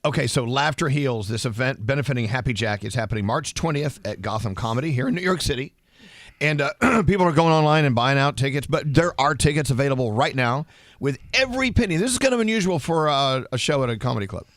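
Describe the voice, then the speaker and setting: A man's voice: medium pitch, expressive, quick pace, fairly bright tone, no room sound. A man hosting a morning radio show, steering the banter with a wry, playful manner.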